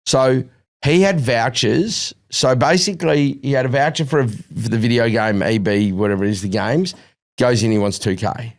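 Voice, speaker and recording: Aussie bloke on a podcast, middle aged, rambling funny parenting story, does the voices. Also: male voice, mid-range voice, moderate pace. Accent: Australian. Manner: animated storytelling, acts out quotes. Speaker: podcast co-host. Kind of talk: casual chat.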